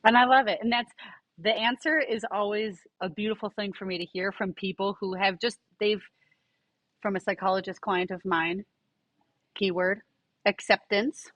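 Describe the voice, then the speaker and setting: Middle-aged woman, breathy-edged voice, emphatic and warmly reassuring storyteller, dry recording. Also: mid-range voice, fairly even intonation, moderate pace, no room sound. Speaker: Pilates instructor and studio owner. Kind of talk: podcast interview guest.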